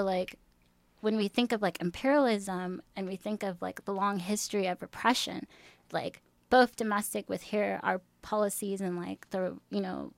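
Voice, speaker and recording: A woman panelist talks loosely and casually, with many "like" and "you know" fillers. Her mid-pitched voice has a gravelly edge. The sound is close and dry. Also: no echo.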